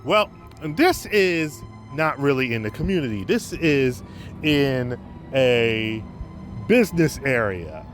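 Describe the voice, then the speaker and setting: A man's voice: medium pitch, sing-song, slow pace, faint music behind. A man casually telling street stories, rambling with many restarts and fillers. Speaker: storyteller vlogger. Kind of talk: casual anecdote storytelling.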